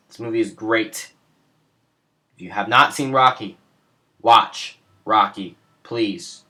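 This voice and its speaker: A man's voice: fairly low pitch, steady tone, takes it slowly, sharp tone. A young man in a casual vlog, talking with rambling enthusiasm about his favorites. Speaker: movie vlogger. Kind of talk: casual chat.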